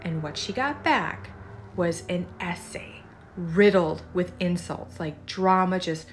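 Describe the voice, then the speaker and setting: A woman hosting a podcast, retelling a listener's story with emphatic, animated commentary. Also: fairly low pitch, slow pace, slight background noise. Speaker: podcast host.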